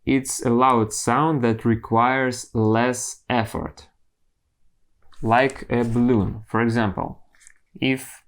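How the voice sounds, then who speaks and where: A man teaching singing, explaining vocal technique slowly and carefully, pausing and restarting as he goes. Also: mid-range voice, fairly even intonation.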